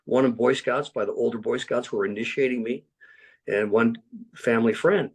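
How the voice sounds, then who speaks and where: A man's voice: mid-range voice, normal speed, slightly rough, poor audio. A middle-aged man speaking earnestly to a group, telling personal stories and acting out what people said. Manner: earnest, quotes others in raised voices. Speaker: motivational speaker. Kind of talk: storytelling talk to a group.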